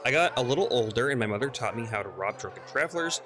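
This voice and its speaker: A man's voice: mid-range voice, expressive, fast, crowd noise, natural voice. A man reading the lines of a male thief character telling his backstory in a plain, dry storytelling voice. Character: male street thief recounting a grim childhood.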